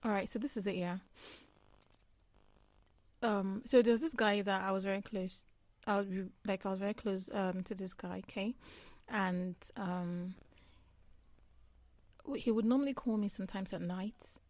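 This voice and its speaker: A woman's voice: medium pitch, steady tone, moderate pace, pauses often, a little mellow, no room sound. A woman guest tells a story in casual chat, her voice in a middle range. She talks chattily with fillers and laughs along the way. The sound is dry and close.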